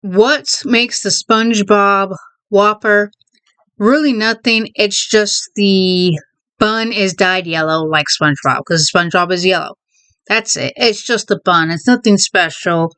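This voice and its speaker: This vlog creator has a medium-pitched, clear, resonant voice that's a bit bright, and she speaks unhurriedly with no room sound. She chats casually while out of breath and stifling a sneeze, rambling, self-correcting with a mild stutter, and laughing often.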